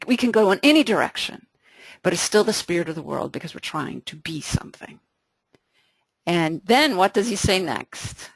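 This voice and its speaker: A woman's voice: fairly low pitch, husky, no room sound. Woman, Bible study leader, chatty with restarts, dry close sound. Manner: lively, conversational, frequent restarts. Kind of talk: casual Bible study talk.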